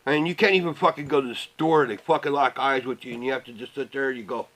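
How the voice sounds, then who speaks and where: A man's voice: fast talker, few pauses, a bit bright, rough recording. Middle-aged man, casual vlog rant, swears constantly, rambles and trails off into mumbling. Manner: rambling, profane, trails off into low mutters. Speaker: vlogger.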